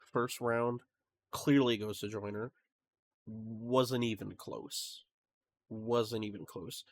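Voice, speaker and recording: A man hosting a music reaction video, talking casually with fillers and restarts. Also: on the low side. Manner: relaxed, rambling with fillers and restarts. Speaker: music reaction channel host.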